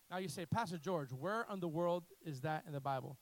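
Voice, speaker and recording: A man preaching a sermon as pastor, leading his congregation in call-and-response and climbing to loud, emphatic peaks. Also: a little high, fairly quick, hardly any pauses. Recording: echoey hall with faint music.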